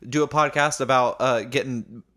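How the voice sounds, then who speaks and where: A man co-hosting a podcast in casual chat, teasing with quick banter. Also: mid-range voice, steady tone, a bit bright. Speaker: podcast co-host.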